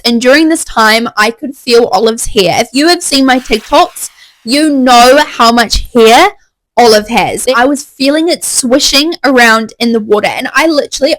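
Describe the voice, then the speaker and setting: Young woman, a touch high, candid and excited, casual storytelling to camera, dry close mic. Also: dry recording, rough recording. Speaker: vlogger.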